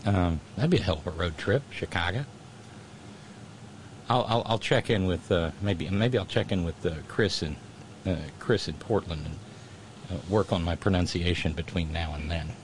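A male radio host talks straight to his listeners in a loose, meandering way, circling back and restarting his sentences. His voice sits on the low side. A faint hum of room noise runs under him. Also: normal speed. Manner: rambling, many restarts and fillers. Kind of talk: casual monologue to listeners.

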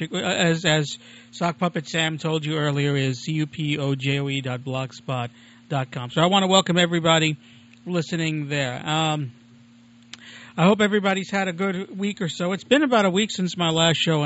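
A man's voice: fairly high pitch, fairly bright tone. Rambling chatty male podcast host. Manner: chatty, digressive, self-deprecating. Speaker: radio show host. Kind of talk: casual rambling monologue. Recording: lo-fi muffled recording.

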